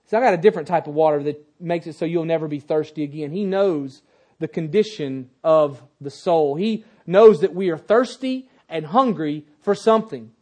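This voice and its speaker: High-voiced man preaching a sermon. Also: moderate pace, a little mellow. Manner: emphatic, repeats key phrases; asks the congregation questions.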